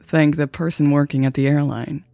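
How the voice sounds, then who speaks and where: A woman voicing a calm, wry woman who speaks in a dry, teasing way. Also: sits low, moderate pace, gravelly, no echo, faint music behind.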